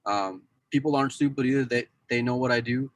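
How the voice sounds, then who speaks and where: A man's voice: medium pitch, a little fast, low-quality recording. A man on a podcast talking casually about his work as a pool news insider and cue dealer, rambling with many restarts.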